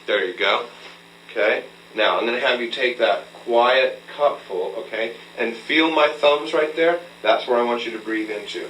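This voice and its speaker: A man's voice: medium pitch, normal speed, fairly bright tone. A man coaching a beginner singer through a hands-on breathing lesson, patient and instructive, checking in with a frequent "okay?" in a room with a mirror. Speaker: vocal coach. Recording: roomy, distant, faint hum, old tape.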